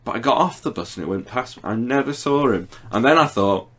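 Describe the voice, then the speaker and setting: A man hosting a podcast, telling an anecdote in casual chat. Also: medium pitch. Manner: animated storyteller, quick asides. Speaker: podcast host.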